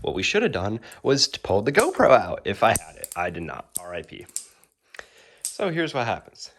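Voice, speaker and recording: A man's voice: on the low side, wildly swooping pitch, moderate pace, fairly bright tone, slight background noise. A young man casually telling a storytime about his hobby, acting out the quotes with laughs. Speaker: knife-flipping YouTuber.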